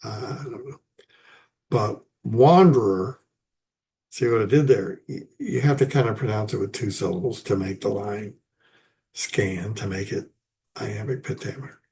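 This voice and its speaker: A man giving a casual, halting lecture on poetry, with many fillers and restarts. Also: lowish voice, steady tone, gravelly, a little mellow. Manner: halting, many fillers and restarts, chuckles at his own asides. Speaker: literature teacher.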